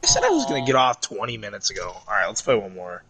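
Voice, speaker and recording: A young man in casual gaming banter over voice chat, laughing often and breaking into sudden loud yelps. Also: fairly low pitch, huge pitch swings, quick pace, creaky, crowd noise. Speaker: gamer in voice chat.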